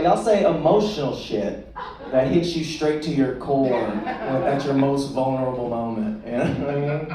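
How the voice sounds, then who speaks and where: A man performing stand-up, his pitch swinging widely as he laughs through his own crude bits. He sits a little high for a man. The recording catches him from a distance in a reverberant club, with the audience's laughter loud behind him. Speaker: stand-up comedian. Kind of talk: live stand-up set. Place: comedy club stage with audience. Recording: echoey club taped from far off, loud crowd.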